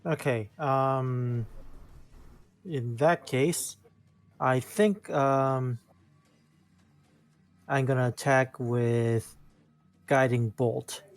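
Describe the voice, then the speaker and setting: A man's voice: medium pitch, fairly even intonation, extremely slow, long pauses, dry recording, faint music behind. A man playing a tabletop game, wry and self-deprecating, thinking aloud with many hesitations. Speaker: player. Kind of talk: casual tabletop play.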